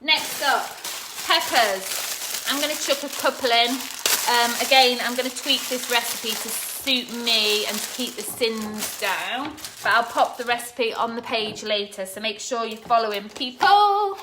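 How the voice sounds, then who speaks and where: A woman with a fairly high voice chats her way through a live cooking stream, practical and friendly with her viewers. She talks into a phone propped on the counter of a home kitchen, with household noise clearly audible behind her. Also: a little slow. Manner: chatty, practical, greets viewers by name. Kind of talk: casual live cooking chat. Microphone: phone camera propped on the counter.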